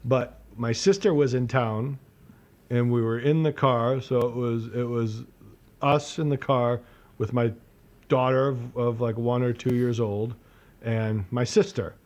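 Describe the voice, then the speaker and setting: A man's voice: medium pitch, steady tone, measured pace, darkish tone. Male podcast co-host, casual storyteller, profane, self-amused. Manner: rambling, profane, laughing at himself.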